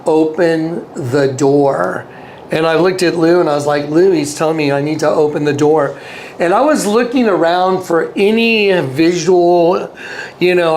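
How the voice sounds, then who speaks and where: Here a man with a slightly high voice, recorded with a little hiss or hum, shares a personal story. He speaks as an interview guest in casual storytelling, earnestly repeating himself and performing the dialogue he quotes.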